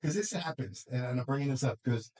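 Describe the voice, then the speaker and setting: Animated man counselor talking to a group. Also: mid-range voice, breathy edge, low-quality recording. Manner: animated, acts out parents and kids in quick quoted voices, laughs often. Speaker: school counselor and life coach. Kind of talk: casual talk to a group. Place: room with students and parents.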